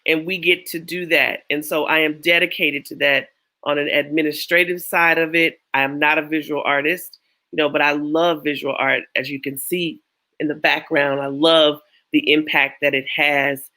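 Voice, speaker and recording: A woman's voice: low voice, fairly even intonation, moderate pace, sharp tone. A woman hosting a casual panel chat over a video call, playful and joking, often laughing. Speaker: host.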